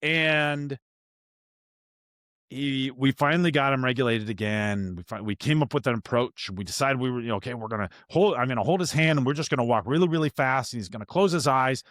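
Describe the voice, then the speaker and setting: A man's voice: medium pitch, quick pace, hardly any pauses, a bit bright, dry recording, clean studio sound. A man hosting a podcast, telling a story from his own parenting in a candid, self-reflective way with frequent restarts. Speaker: podcast host. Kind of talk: casual storytelling chat.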